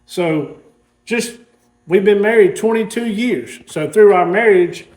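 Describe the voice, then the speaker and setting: A man's voice: sits high, takes it slowly, a little mellow. Folksy man telling car stories. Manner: folksy, rambling storyteller. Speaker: car hobbyist host. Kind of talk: casual storytelling walkaround.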